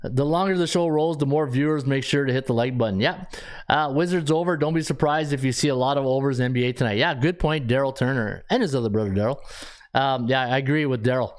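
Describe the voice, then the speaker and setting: A man hosting a sports betting podcast in casual chat, rambling and excitable, ranting in bursts and laughing at his own lines. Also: mid-range voice, fast. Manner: ranting, with many restarts.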